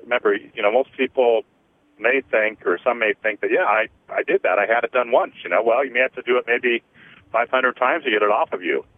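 A man hosting a call-in radio show, slowly counting through energy clearings and explaining them with many fillers. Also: medium pitch, no room sound. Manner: slow, deliberate counting with frequent fillers. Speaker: host, energy healer. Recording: tinny phone-line radio sound.

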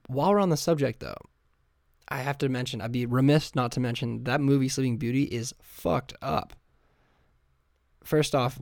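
A man hosting a podcast, rambling through a crude comedic monologue in a deadpan way, with sudden silly voices. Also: mid-range voice, no room sound, clean studio sound. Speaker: podcast host.

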